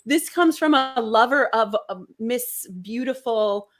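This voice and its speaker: A woman calling in as a guest, talking in a gushing, warm way with many hesitations and ums. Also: on the high side, a little slow. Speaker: call-in guest. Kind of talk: casual chat.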